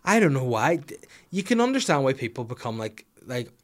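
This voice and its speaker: A man's voice: medium pitch, very animated, brisk. Profane, rambling man. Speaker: podcast host. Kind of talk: casual solo podcast answering listener questions.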